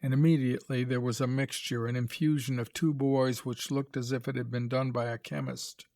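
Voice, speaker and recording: Brief: male narrator for a graded reader, mid pitch, dry and close. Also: no echo. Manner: measured, even storytelling.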